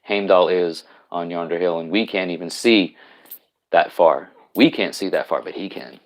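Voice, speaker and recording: A man's voice: deep voice, normal speed. A man with a New York accent hosting a live stream, chatting casually and answering viewer comments, rambling with many restarts. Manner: rambling, frequent restarts and repeated words.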